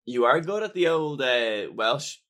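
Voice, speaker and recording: A man's voice: medium pitch, sing-song, a little slow, a bit bright. A young man co-hosting a casual podcast, teasing and giggling, often cutting in. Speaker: podcast co-host.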